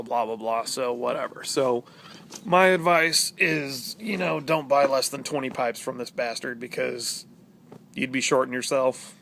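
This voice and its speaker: A man's voice: medium pitch, vocal fry, fairly bright tone, a little hiss or hum. A man chatting casually to camera as a vlogger, rambling and sarcastic, with many fillers and restarts. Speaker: pipe-smoking vlogger.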